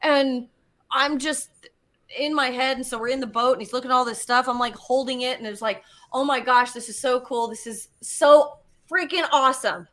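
A woman geologist telling a story in casual conversation, animated and swearing as she acts out what was said. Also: high-pitched, moderate pace. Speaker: guest geologist.

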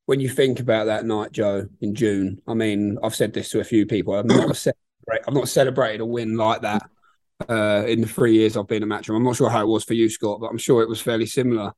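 A man with a fairly low, steady, slightly mellow voice, recorded dry, hosts a podcast. He interviews a boxer in a casual chat, firing off quick, friendly questions and calling people "mate."

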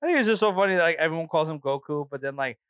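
A man's voice: on the high side, expressive, racing, fairly bright tone, smooth, no echo. A man co-hosting a crude casual podcast, joking around and slipping into mock accents. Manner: jokey, drops into mock accents and voices. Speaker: podcast co-host. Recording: dull dry lo-fi sound.

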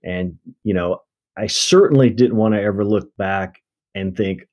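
A man with a Southern American accent, a guest telling stories in an easygoing, measured way. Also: fairly low pitch, a little mellow. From Mississippi. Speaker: guest, endurance coach. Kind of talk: casual conversational interview.

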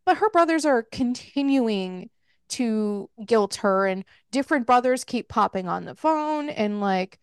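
A woman's voice: fairly high pitch, animated, unhurried, clear, resonant tone, no room sound, clean studio sound. A woman co-hosting a podcast, casually recapping a book in a chatty way, swearing freely and laughing as she goes. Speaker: podcast co-host. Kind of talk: casual book review chat.

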